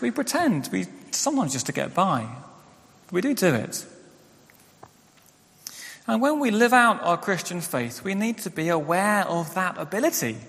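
A young man preaches in a frank, conversational way, owning up to his own faults as he goes. His slightly high voice swings widely in pitch. The sound carries a long reverb from the church hall. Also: creaky, fairly bright tone. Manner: candid, conversational preaching with self-deprecating asides. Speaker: pastor. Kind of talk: sermon.

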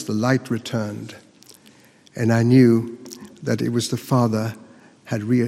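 A man performing a first-person monologue as a disciple recounting the crucifixion, speaking earnestly with emphatic dramatic pauses. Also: mid-range voice, creaky, husky, long reverb tail.

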